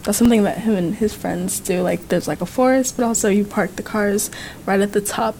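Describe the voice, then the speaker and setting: A woman hosts a podcast with quick, teasing banter and a joking edge. Her voice sits at a middling pitch, and a faint background hiss runs under it. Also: steady tone, creaky, mellow, poor audio. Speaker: podcast host. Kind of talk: casual chat.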